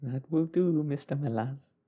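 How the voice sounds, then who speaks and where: Guy whispering a creepy older man, slow and quiet menace, breathy storybook whispered role-play. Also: mid-range voice, muffled recording. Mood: quietly menacing. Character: sinister older man, softly menacing, giggling.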